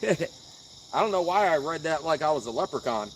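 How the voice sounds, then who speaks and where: At night on a riverbank, a man runs a live fishing stream, trading easygoing, slang-filled banter with viewers and laughing a lot. His voice is a little high and animated at a normal speed, with a slight hiss or hum in the audio.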